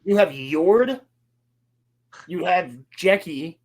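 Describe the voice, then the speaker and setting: A man co-hosting a casual podcast, recapping a show sarcastically and mocking the characters in quick put-on lines. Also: high voice, animated. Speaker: podcast co-host.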